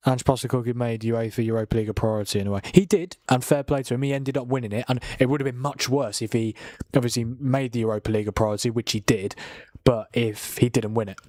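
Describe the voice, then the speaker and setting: A man's voice: medium pitch, fairly even intonation, fast, a little mellow, no room sound. A young man chatting casually on a live football watchalong stream, a little tired, swearing now and then and reading out viewer comments. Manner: chatty, swears, laughs, reads out viewer chat. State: tired from a long night of watching.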